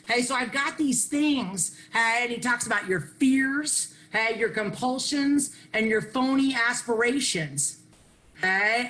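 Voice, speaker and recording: A middle-aged woman, talking into a computer mic on a video call at a recovery workshop. Her voice is bright and forward. She is lively and self-mocking, and she drops "hey" and "okay" into nearly every thought. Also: a little high, rough recording. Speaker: workshop speaker sharing on recovery. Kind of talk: animated recovery share.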